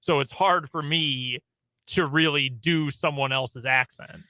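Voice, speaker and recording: A slightly nasal man with a Midwestern accent bantering on sports radio, his voice very bright and forceful with a somewhat high pitch. He keeps things upbeat and joking. The studio sound is dry and close. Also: measured pace, dry recording. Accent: Midwestern American. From American Midwest.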